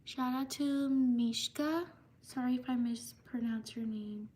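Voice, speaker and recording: A woman hosting a livestream, reading viewers' names for shout-outs in a slow, repetitive way. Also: high voice, steady tone. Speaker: livestream host.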